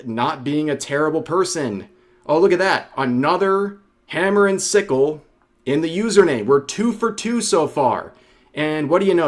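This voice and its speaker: A man with a slightly higher voice talks through an account in a played clip. He is dry and sarcastic, pointing out each find with mock surprise. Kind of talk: sarcastic commentary on social media posts.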